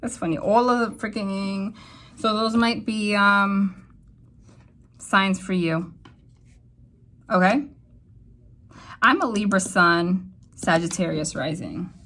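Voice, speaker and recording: Rambling, excitable tarot reader woman. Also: takes it slowly, pauses often. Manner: emotional, rambling, excitable with sudden jumps in pitch. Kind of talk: casual tarot reading to camera.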